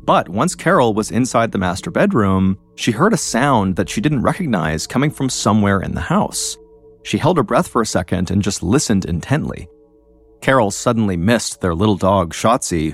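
A man hosting a podcast, telling a true-crime story in a measured, suspenseful scripted narration. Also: lowish voice. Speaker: podcast host.

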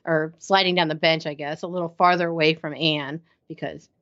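A woman's voice: low-pitched, steady tone, fairly quick, fairly bright tone. A woman co-hosting a casual episode recap, enthusiastic and laughing often. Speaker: podcast co-host. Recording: slightly muffled sound.

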